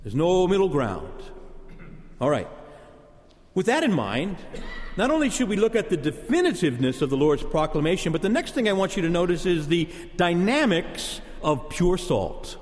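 A man's voice: high voice, very animated, normal speed. A man preaching a sermon as pastor, emphatic and repeating key words for punch. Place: church. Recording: long church reverb.

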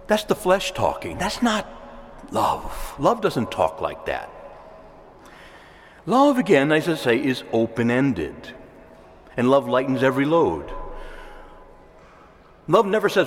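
A man's voice: mid-range voice, huge pitch swings, measured pace, long pauses, long reverb tail. A man preaching a sermon, emphatic, repeating key words and asking the congregation for agreement.

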